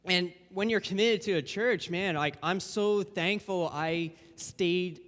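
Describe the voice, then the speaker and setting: A young man gives a relaxed, chatty sermon, his voice sitting fairly high. He talks like he's chatting with friends and slips into little acted-out quotes. A long reverb from the church sanctuary trails behind him. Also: slow pace. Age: young adult. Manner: casual and conversational, acting out quotes. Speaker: guest preacher. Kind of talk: informal sermon.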